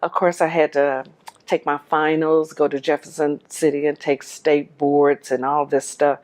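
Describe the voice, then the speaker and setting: A woman telling her own story with lively animation and a fairly low speaking voice. She brings the dialogue to life, voicing the people she quotes as she recounts them. The delivery is that of a personal storyteller. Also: unhurried. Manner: laughs while telling.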